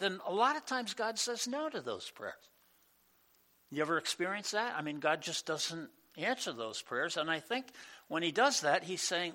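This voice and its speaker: A male pastor giving a conversational sermon in a church, animated and full of asides. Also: sits high, normal speed.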